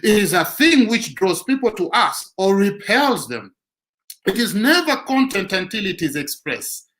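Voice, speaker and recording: A man's voice: sits high, fairly bright tone, rough recording. A man giving a motivational talk who repeats his key lines for emphasis. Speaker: motivational speaker.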